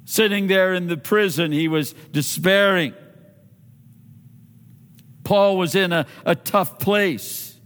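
A man preaching a sermon as pastor, animated, acting out quoted voices with big swings in pitch. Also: slow pace, pauses often, long reverb tail.

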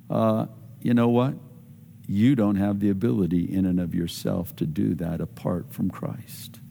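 A man preaching a sermon as pastor, animated, acting out quoted voices with big swings in pitch. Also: normal speed, creaky, long reverb tail.

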